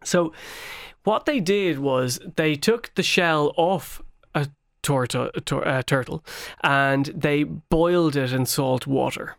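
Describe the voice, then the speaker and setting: This is a man with a voice pitched a touch high, telling history stories on a talk show. He has a playful, dry irony. The sound is dry and close, with no room in it. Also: slow, creaky, no echo. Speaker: history expert on a radio show. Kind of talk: conversational explaining on air.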